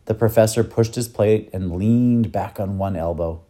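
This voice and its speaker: A man narrating a children's story in an expressive storytelling manner. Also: on the low side, moderate pace, few pauses.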